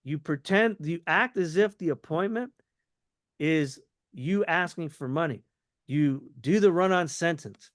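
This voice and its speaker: Walking a trainee through a sales pitch, this man voices both the seller and the buyer so the wording comes across clearly. His voice is a little high and his pace measured, and he stays easygoing and chatty. It's a dry, close recording with no room sound.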